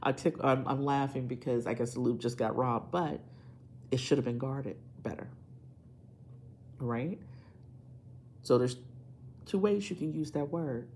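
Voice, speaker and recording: A woman reads tarot for her viewers with a deep voice that has a gravelly edge. She preaches her points with emphasis and repeats key lines to make them stick. A faint hiss of noise sits under the recording. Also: measured pace, long pauses, a little mellow. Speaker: tarot reader. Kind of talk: tarot reading monologue.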